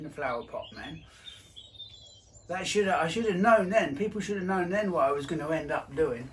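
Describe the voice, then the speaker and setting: A man's voice: fairly high pitch, slight background noise, poor audio. A man in his sixties from Britain, a gardener talking casually in his own garden vlog, rambling and hesitant with lots of restarts and side stories. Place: outdoors in a garden.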